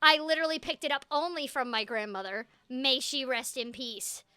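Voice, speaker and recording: A woman's voice: sits high, moderate pace, sharp tone, clean tone, no room sound. A young woman hosting a casual chat, bubbly and laughing often as she jumps from one topic to the next. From Seattle. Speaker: host, voice actor. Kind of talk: casual conversation.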